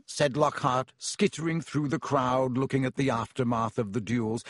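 A man narrating an audiobook in a measured storytelling manner. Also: mid-range voice, fairly even intonation, a bit bright, no echo, clean studio sound. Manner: measured storytelling with voiced characters.

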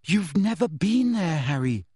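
A man's voice: a little high, big pitch swings, a little slow, dark tone, breathy edge, dry recording, studio quality, pitched above the performer's own voice, heavily acted. A man reading aloud and voicing an anxious, insistent teenage witch girl who pleads and reasons hesitantly. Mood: worried.

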